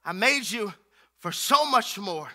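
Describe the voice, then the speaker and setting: Very high, piercing male preacher. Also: expressive, slow, pushed and bright. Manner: rhythmic repetition, call and response. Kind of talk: sermon.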